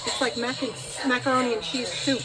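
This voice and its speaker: A woman's voice: on the high side, fairly even intonation, brisk, loud music behind the voice. A woman in casual livestream chat, talking to viewers and muttering to herself while cooking. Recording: background noise.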